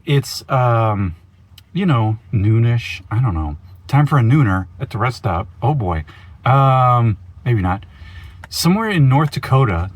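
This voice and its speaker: A man from Oregon giving a casual, rambling video update from inside his van, with goofy self-mocking asides. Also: mid-range voice. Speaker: van life vlogger.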